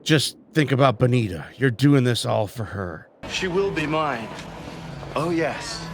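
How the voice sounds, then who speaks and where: A man's voice: mid-range voice, expressive, measured pace, a little hiss or hum, pitched below the performer's own voice. A man voicing a scheming, jealous young male bunny rival in a game, sinister and gloating.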